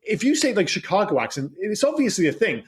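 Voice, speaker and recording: A man's voice: sits high, very animated, a little fast, slightly rough. A man co-hosting a podcast, chatting casually and swearing freely as he talks animatedly. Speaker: podcast co-host. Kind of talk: casual chat.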